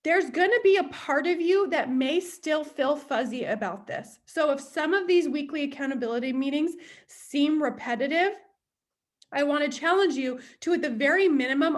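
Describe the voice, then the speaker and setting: High-voiced woman giving a chatty team pep talk. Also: animated, moderate pace. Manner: casual and chatty, acts out inner voices; open and emotional. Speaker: sales team leader. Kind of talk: motivational team meeting talk.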